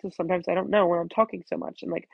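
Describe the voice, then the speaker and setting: A woman's voice: lowish voice, steady tone, very fast, vocal fry, breathy edge, no room sound. A teenage girl venting to the camera from her bedroom in a chatty, casual rant, filling every phrase with "like" and swearing freely. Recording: dull, lo-fi dry recording.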